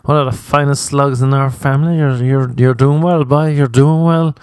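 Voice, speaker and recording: A man voicing a doting older Irish aunt from Cork who gushes over her nephew, in a strained, high put-on voice with a Cork Irish accent. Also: fairly even intonation, moderate pace, a little mellow, clear, resonant tone, no echo, studio quality, close to an everyday voice. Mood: gushing. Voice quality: strained, high, gushing and repetitive.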